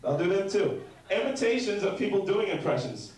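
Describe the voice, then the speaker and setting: A man's voice: high-pitched, a little fast. Young man doing stand-up in an echoey club. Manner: deadpan, rambling storytelling with sudden loud shouted bits. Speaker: stand-up comedian. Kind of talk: stand-up comedy set. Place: comedy club stage. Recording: very echoey room heard from a distance.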